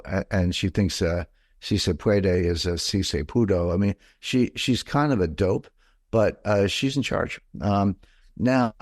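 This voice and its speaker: A man's voice: deep voice, darkish tone, dry recording, studio quality. An older man, a financial commentator, giving blunt, opinionated and rambling answers in an interview.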